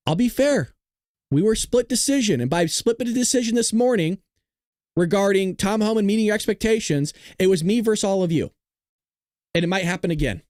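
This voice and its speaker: Animated, profane male stream host. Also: high-pitched, dry recording, studio quality. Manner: animated, profane, jokey, talks to chat. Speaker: livestream political commentary host. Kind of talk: live political commentary stream reacting to chat.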